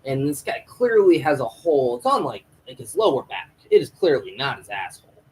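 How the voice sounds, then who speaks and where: A man's voice: medium pitch, wildly swooping pitch, a little fast, darkish tone, a little hiss or hum, low-quality recording. A man hosting a live stream review of a TV episode, ranting and rambling in a casual, profane way into a home microphone.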